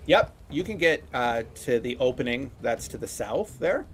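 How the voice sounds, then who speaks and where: A man running a tabletop game, narrating the action loosely with lots of ums. His voice has a middle pitch, with a faint hiss in the background. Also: very animated, moderate pace. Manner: casual, filler-heavy narration. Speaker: game master.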